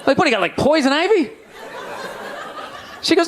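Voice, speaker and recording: A middle-aged male stand-up comedian ranting incredulously, with loud outbursts aimed at the crowd. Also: very high-pitched, very animated, moderate pace, slight background noise. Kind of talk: stand-up set. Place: live comedy venue. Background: audience laughter.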